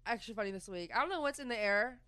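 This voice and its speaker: Young woman podcast co-host, bright voice with lots of swing in pitch, playful banter, dry close recording. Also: fast talker, dry recording. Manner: lively, playful banter with laughs. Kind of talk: casual chat.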